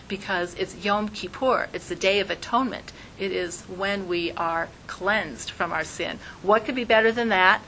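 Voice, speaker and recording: A woman teaching an informal class who talks in a lively way and acts out voices when she quotes people. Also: medium pitch, a little hiss or hum, rough recording.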